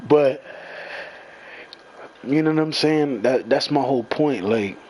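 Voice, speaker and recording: A man's voice: medium pitch, takes it slowly, a little mellow, slight background noise, rough recording. A young man in a heated, profane rant to his followers. He talks in a mid-range voice, circles back over the same points, and keeps turning on his critics. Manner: profane, repetitive, confrontational. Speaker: gamer venting to followers. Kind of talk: angry rant.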